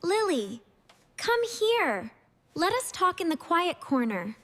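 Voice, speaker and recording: Woman as a gentle teacher, reassuring, slow, high and lively. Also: slight background noise, full character voice. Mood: calm. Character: calm fair-minded female teacher. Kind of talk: slow storybook dialogue for learners.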